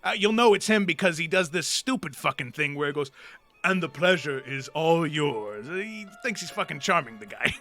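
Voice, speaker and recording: A man's voice: a little high, animated, normal speed, pushed and bright. A man voicing a boisterous tusked male brawler who swears, teases and laughs a lot. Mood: scornful.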